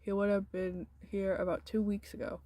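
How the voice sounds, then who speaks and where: A woman's voice: mid-range voice, flat delivery, moderate pace, warm tone, no room sound, close to an everyday voice. A woman voicing a polite young adult French woman who asks questions in a game. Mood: inquiring.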